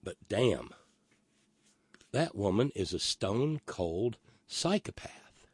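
A rambling, opinionated man speaking in a fairly low voice. He stammers and restarts often while holding forth in a casual monologue and reading out chat messages. The sound is dry and close, with no room around it. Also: sing-song, slow pace, breathy edge, no room sound. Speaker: live stream host reading chat.

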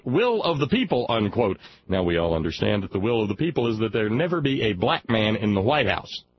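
A man's voice: medium pitch, creaky, highs cut off, a little hiss or hum. A man from Alabama hosting a talk radio show, reading a news story aloud and breaking off into mocking, sarcastic asides. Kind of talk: sardonic commentary on a news story.

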